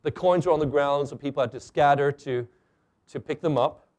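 Male preacher, slightly high voice, animated sermon delivery. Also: brisk. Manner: animated, acts out quoted speakers. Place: church stage.

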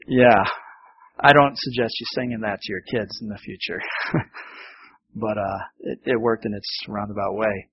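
Husky-voiced male pastor, conversational sermon. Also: medium pitch, highs cut off. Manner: conversational, self-deprecating, with fillers and asides.

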